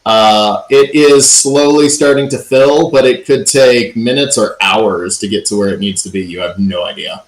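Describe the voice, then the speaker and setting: A man's voice: lowish voice, moderate pace, few pauses. A man running a tabletop game as game master, narrating loosely with frequent ums and uhs. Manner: relaxed, filler-heavy narration. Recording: echoey room.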